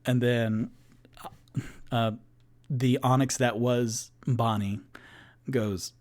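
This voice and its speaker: Casual guy hosting a solo tabletop game stream, rambly, lots of likes and ums, mid pitch, slow going. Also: steady tone, darkish tone. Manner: casual, rambling, filler-heavy. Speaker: game master and show host.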